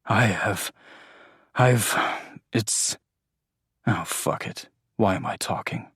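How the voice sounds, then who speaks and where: Male audiobook narrator, first person; low, unhurried, heartfelt read, dry close booth sound. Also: fairly bright tone, slightly rough, no echo. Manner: intimate, emotional storytelling.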